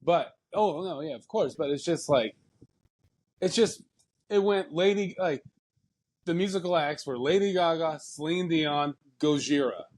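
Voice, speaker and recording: A man's voice: fairly high pitch, a little slow, a little mellow. A man co-hosting a podcast, rambling through a story with lots of "um" and "like". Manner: rambling, many fillers, laughs often. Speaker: podcast co-host. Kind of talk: casual chat.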